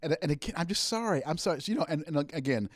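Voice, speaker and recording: Fast, high-voiced animated man. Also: no echo, clean studio sound. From American South. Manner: animated, apologetic, repeats himself. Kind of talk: casual political chat.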